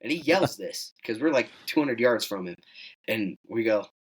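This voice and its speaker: A man's voice: normal speed, husky, low-quality recording. A teenage young man telling a hunting story in casual chat, acting out the quoted lines in a raised voice. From Wyoming. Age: teens. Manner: animated, acts out quoted dialogue in higher voice. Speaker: guest hunter.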